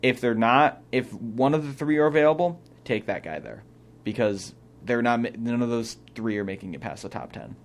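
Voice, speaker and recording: A man's voice: mid-range voice, animated, normal speed. A young man co-hosting a casual sports talk show from a small studio, thinking aloud with opinionated restarts. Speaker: co-host.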